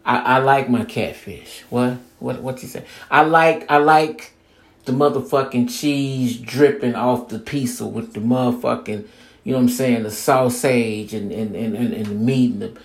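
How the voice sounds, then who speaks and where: A man's voice: medium pitch, moderate pace. A man hosting a podcast, talking in a casual, profane, streetwise monologue and mocking other people's demands with "blah, blah". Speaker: podcast host.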